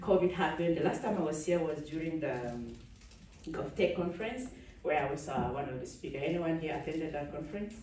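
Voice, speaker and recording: A woman's voice: low voice, animated, a little fast, mellow, a little hiss or hum. A woman from Cameroon giving a chatty, audience-engaging conference keynote. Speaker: keynote speaker. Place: large conference hall. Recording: echoey hall from a distance.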